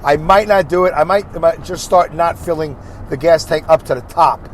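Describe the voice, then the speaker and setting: A man's voice: on the high side, normal speed. A man in his sixties hosting a casual, rambling solo podcast from his car while he drives, joking and arguing back at imagined critics. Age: 60s. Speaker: podcast host and truck driver. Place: inside a car while driving. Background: faint car and road noise.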